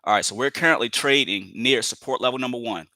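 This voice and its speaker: A man's voice: mid-range voice, fast talker, background noise. A man giving live commentary on his trades, repeating phrases, filling with "you know" and calling viewers family as he talks himself into staying patient.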